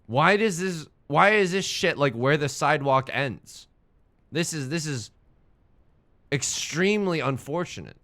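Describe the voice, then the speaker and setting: Lively, bright-voiced young male streamer. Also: a little high, measured pace. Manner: rambling, self-mocking, swears when frustrated. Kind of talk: casual gaming stream chat.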